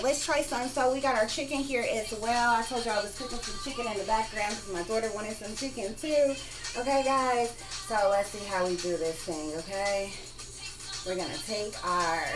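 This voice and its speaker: A woman hosting a casual cooking video, talking slowly and warmly to her viewers as guys and y'all. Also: on the high side, low-quality recording. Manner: slow, drawn-out, homey, addresses viewers as guys and y'all. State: talking with mouth full at times. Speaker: cooking vlogger. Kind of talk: casual cooking demo chat.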